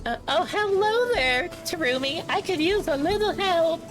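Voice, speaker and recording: Guy doing a squeaky flustered young woman, way up high, kinda nervous. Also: animated, normal speed, over music.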